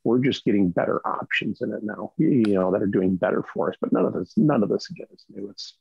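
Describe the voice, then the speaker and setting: Middle-aged host, low husky voice, loose rambling talker; dull dry recording. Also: male voice, expressive, fast, no echo. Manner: rambling, frequent "right?" and restarts. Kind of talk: casual chat about rifle optics.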